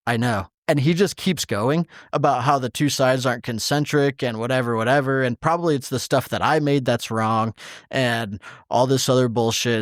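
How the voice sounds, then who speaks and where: An exasperated man on a podcast, ranting in loose casual chat and swearing freely as he acts out both sides of each quoted exchange. His voice sits at an ordinary middle pitch and is recorded dry and close on a studio mic, with no room sound at all. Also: no echo. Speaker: podcast co-host.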